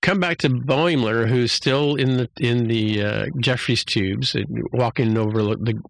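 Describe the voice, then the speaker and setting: Creaky and medium-pitched, this podcast host keeps a steady tone and a measured pace, with no room sound in the recording. His rambling episode recap is casual, riddled with fillers and false starts, and he performs the quotes he mentions.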